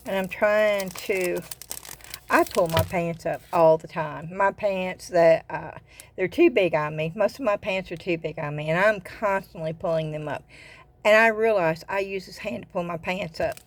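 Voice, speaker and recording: Speaking at a measured pace in a lowish voice, an older Southern US woman chats casually in a craft vlog. She tends to ramble and repeat her words as she goes.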